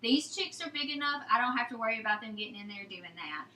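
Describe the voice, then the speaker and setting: A young woman with a drawl talks viewers through a hands-on homestead how-to in a chatty, folksy way. Her voice sits high and bright. The room around her is noticeably echoey. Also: lively intonation, fast talker, slight background noise. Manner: chatty, folksy, addresses viewers as y'all and guys. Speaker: homesteading vlogger. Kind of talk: casual how-to talk.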